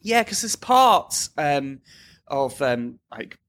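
A man's voice: a little high, big pitch swings, slow, a bit bright, slight background noise. Guy cohosting a news chat podcast, bouncy voice, asks lots of questions. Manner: chatty, leading questions. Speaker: podcast co-host.

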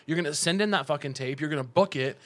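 Animated joking man hosting a podcast. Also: fairly high pitch, fast talker. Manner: animated, jokey, swears often, slips into silly put-on voices. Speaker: podcast host. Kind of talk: casual comedic chat.

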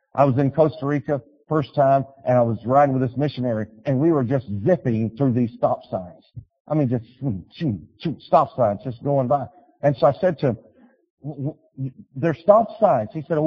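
A man preaching a sermon, telling stories and urging his listeners, swinging from loud appeals to quiet pleas. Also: medium pitch, big-room sound, lo-fi sound. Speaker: pastor.

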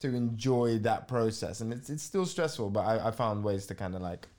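A man's voice: on the low side, moderate pace. A middle-aged man, an actor and guest, chatting casually and acting out his stories with little voices. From England. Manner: animated storyteller, acts out scenes with voices. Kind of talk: casual chat.

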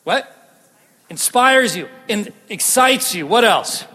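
A man preaching a sermon, out of breath and animated, swinging from loud bursts to hushed lines. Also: high voice, slow pace, breathy edge. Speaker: pastor. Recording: long hall reverb.

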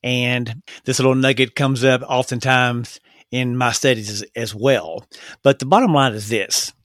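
A man talks straight into a close podcast mic in a dry, deadened space, his voice sitting at a middling pitch. He speaks earnestly and gets carried away with excitement, tripping over words and restarting sentences as he goes. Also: a little slow, no echo. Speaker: podcast host. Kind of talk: solo motivational podcast talk.

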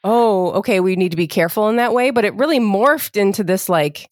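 A woman in her thirties co-hosting a casual chat about parenting, explaining with quick asides and many fillers. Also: medium pitch, expressive, a little mellow, dry recording, studio quality.

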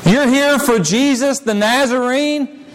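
A male pastor delivers a dramatic sermon, stepping into the scenes he describes as he goes. His voice sits very high for a man. The sound carries the long reverb of a large church hall. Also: slow pace, a little hiss or hum. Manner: dramatic preaching, acts out scenes. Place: church sanctuary.

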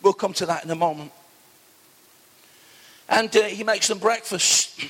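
A gravelly, husky man preaching a sermon with a fairly high voice. His earnest words ring out with a long church reverb behind them. He keeps turning to his listeners as friends. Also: normal speed, long pauses, a bit bright. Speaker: pastor. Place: church hall.

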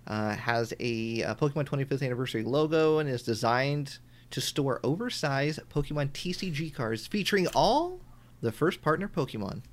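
Casual man co-hosting a fan podcast. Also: medium pitch. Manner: relaxed, hesitant with many ums and restarts. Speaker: podcast co-host. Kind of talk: casual chat.

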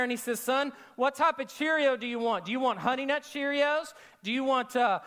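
A man preaching a sermon to a congregation, animated, acting out quoted voices and dropping to soft, intimate tones for emphasis. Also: very high-pitched, clean tone. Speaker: pastor. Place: church auditorium with a congregation.

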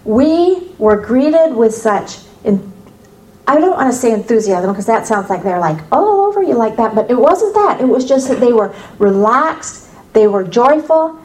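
A woman from the United States giving a personal faith testimony to an audience, telling it as a lively story with humorous asides. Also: on the high side, measured pace, poor audio. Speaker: speaker sharing her faith testimony.

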